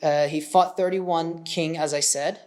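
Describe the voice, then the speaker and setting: A man's voice: a little high, steady tone, a little slow, a little mellow. Casual, digressive male storyteller. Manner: conversational, digressive, checks in with the listener. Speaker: teacher of religious stories.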